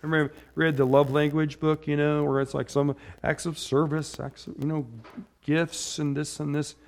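A man's voice: a little high, flat delivery, normal speed. A middle-aged man preaching a casual, conversational sermon, wandering into personal stories and often checking in with "right?". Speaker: pastor.

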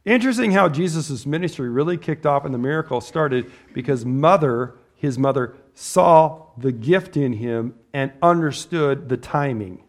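A man's voice: medium pitch, lively intonation, normal speed, few pauses. A man preaching a conversational sermon, putting questions to his listeners and laughing as he goes. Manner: conversational, asks the audience questions and laughs often.

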